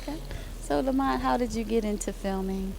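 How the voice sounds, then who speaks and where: A woman's voice: on the high side, fairly quick, creaky, background noise. A woman hosting an interview, asking questions in a playful, teasing way. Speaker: interview host. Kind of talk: casual interview.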